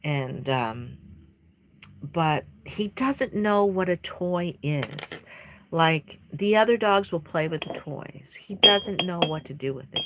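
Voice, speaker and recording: Painting in her home craft room, a woman who makes reborn dolls chats on a livestream in a rambling, emotional, casual way full of fillers. She speaks with a low-pitched, somewhat bright voice.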